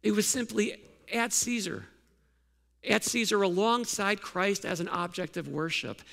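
A man preaching a sermon with a high, gravelly voice. His tone is bright and edgy, and he keeps asking his congregation pointed questions with casual fillers and restarts. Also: measured pace. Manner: conversational, asks many questions with fillers and restarts. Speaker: pastor.

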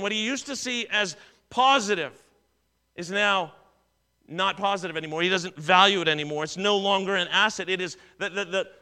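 A middle-aged man gives a sermon in a high, bright voice. He talks in an easy, conversational way, weaves in stories from his own life, and often stumbles and repeats words as he goes. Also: smooth. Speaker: pastor.

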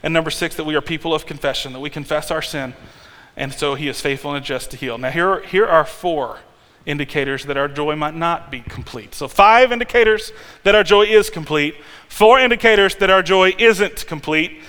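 A male pastor preaching a sermon in a conversational, animated way, with restarts and sudden loud peaks. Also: fairly high pitch, moderate pace. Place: church sanctuary. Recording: long hall reverb.

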